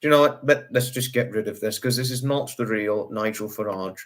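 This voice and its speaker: A man, hosting a casual livestream and reading out viewer comments in a chatty way, greeting each viewer with sudden high bursts. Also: a little fast. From United Kingdom. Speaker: livestream host.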